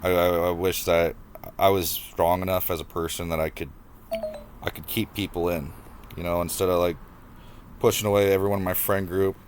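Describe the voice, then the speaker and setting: A young man talking to the camera about his past, casual and halting, stopping and restarting as he reflects. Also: low-pitched, flat delivery, a little hiss or hum. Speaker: vlogger. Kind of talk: personal storytelling to camera.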